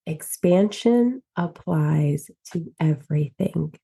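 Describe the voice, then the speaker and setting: A woman's voice: deep voice, extremely slow, vocal fry, warm tone, breathy edge. A woman in her thirties hosting a solo podcast, talking earnestly and emphatically with lots of filler words. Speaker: podcast host.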